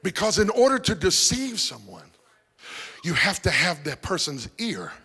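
A male pastor preaching in a church with a high, gravelly voice. His sermon swings from shouted, half-sung phrases to near-whispered asides. The sound carries a long echo from the hall. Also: huge pitch swings, unhurried. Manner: preaching with sudden shouts and sung phrases, then dropping to a hush. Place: church sanctuary.

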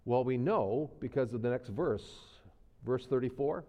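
Folksy pastor preaching in a reverberant hall. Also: male voice, mid-range voice, normal speed, mellow. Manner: folksy, conversational preaching with repetition for emphasis. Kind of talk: sermon. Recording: long reverb of a church hall.

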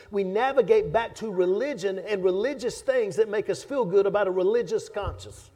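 A pastor with a high, slightly breathy voice delivers a sermon in a church sanctuary, moving from loud to soft. His style is emphatic and conversational, and he cracks jokes with the congregation.

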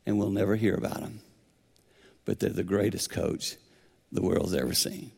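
A preacher voicing a calm, firm old coach. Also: male voice, low voice, moderate pace, creaky, slightly rough, in a large hall, voice pushed down, full character voice. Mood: calm, stern.

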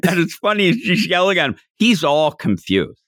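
A man's voice: sits high, moderate pace, dry recording, studio quality. A man hosting a podcast, animatedly retelling a comic chapter in casual chat and slipping into the characters' voices. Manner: animated storyteller who acts out the characters' lines. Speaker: podcast host.

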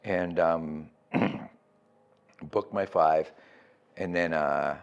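Gravelly low-voiced middle-aged man. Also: extremely slow, highs cut off. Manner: candid and profane, often ends phrases with "right?". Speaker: guest. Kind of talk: personal recovery story.

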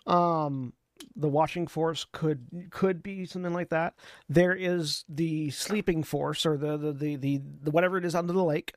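A man running a tabletop horror game as game master, explaining calmly and chuckling often. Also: fairly high pitch, moderate pace, no room sound, studio quality.

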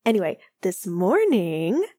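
A woman voicing an excitable young man, showing off a plant on a livestream with big playful gestures. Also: medium pitch, a little slow, slightly rough, dry recording, studio quality, exaggerated voice. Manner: animated, playful, over-the-top enthusiasm. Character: young man, hockey player, proud plant lover.

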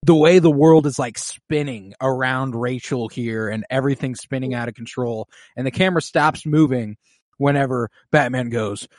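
A man in a casual podcast chat, relaxed and enthusiastic. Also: medium pitch, moderate pace, no echo, studio quality.

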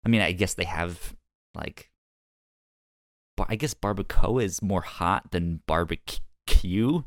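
A man co-hosting a podcast in casual chat, talking in a hesitant, halting way with many restarts. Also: low voice, no echo, studio quality. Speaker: podcast co-host.

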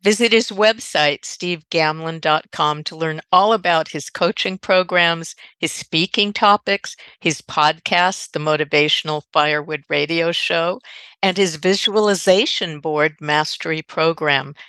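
A woman's voice: low voice, unhurried, a bit bright, clean tone, dry recording. A woman co-hosting a podcast, closing the interview with encouraging remarks. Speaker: podcast co-host. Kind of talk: casual interview chat.

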